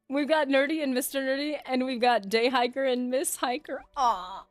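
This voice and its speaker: A woman's voice: sits high, moderate pace, few pauses, dry recording, soft background music. A woman streaming a game, chatting with her viewers in a reflective, talkative way. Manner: chatty and reflective, reads chat aloud. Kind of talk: casual livestream chat.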